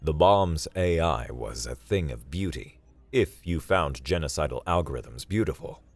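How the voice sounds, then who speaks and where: A man narrating a sci-fi story in a dry, steady storytelling manner. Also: very deep voice, unhurried, no echo. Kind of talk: scripted narration.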